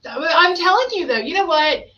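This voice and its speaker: A woman host in casual podcast chat, animated, laughing often and acting out what others said. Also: very high voice, normal speed, muffled recording.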